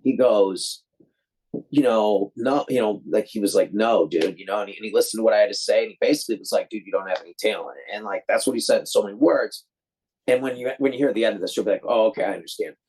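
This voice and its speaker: On a rough recording, a fast-talking man with a lowish, slightly mellow, breathy voice spins a loose, casual yarn. He's a guest filmmaker from Detroit, USA, and he acts out quoted voices amid plenty of fillers and restarts.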